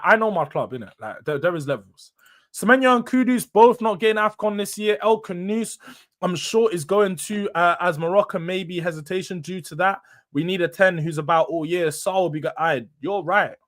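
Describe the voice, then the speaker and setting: Man, London accent, young adult, fairly high voice, slangy live-stream football host. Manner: animated, slangy, banters with chat.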